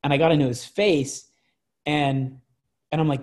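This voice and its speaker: A man's voice: on the high side, fairly even intonation, moderate pace, darkish tone. A man in his twenties telling party stories in casual chat, rambling with lots of restarts and swearing. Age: 20s. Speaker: guest.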